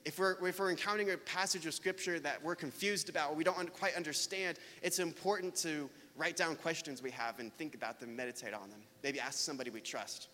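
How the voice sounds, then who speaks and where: A man's voice: fairly high pitch, fairly even intonation, brisk, few pauses, pushed and bright. A man preaching a casual, self-deprecating sermon in a church, chatting with his audience. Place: church hall. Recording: preacher in a reverberant church hall.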